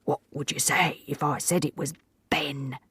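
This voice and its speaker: A woman voicing a meek, wheedling working-class old sailor with rough grammar. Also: low-pitched, steady tone, measured pace, fairly bright tone, dry recording, heavily acted. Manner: rough uneducated grammar, pleading.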